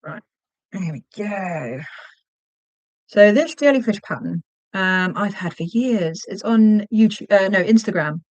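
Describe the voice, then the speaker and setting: A woman hosting a casual livestream while she crochets. She chats, gets sidetracked, and counts her stitches out loud. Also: medium pitch, expressive, unhurried, no room sound. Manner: chatty and easily sidetracked, counts stitches aloud. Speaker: livestream host.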